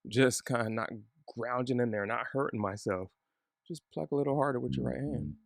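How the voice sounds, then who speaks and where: A man giving a relaxed, chatty bass lesson, joking at his own expense. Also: a little fast, gravelly, no room sound, studio quality. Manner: relaxed, chatty, self-deprecating. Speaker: bass teacher.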